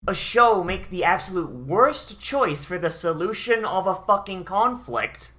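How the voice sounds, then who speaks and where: Brief: bright-toned anime reviewer, profane, fed up, heavy sighs. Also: medium pitch, lively intonation, unhurried. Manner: profane, exasperated, sighing. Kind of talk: ranting watch-along commentary.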